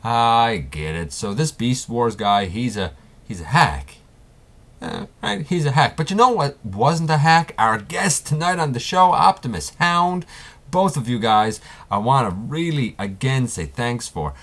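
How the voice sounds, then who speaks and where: A man's voice: mid-range voice, animated, unhurried, fairly bright tone, pitched above the performer's own voice. A man as a laid-back robot talk show host. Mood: upbeat. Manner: casual, rambling, chatty with fillers.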